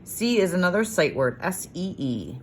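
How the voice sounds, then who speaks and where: A woman with a low voice records a homework lesson for young children. She sounds out letters slowly in a sing-song way and praises often. A faint hiss sits under the voice. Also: big pitch swings. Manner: encouraging, praising. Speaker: teacher.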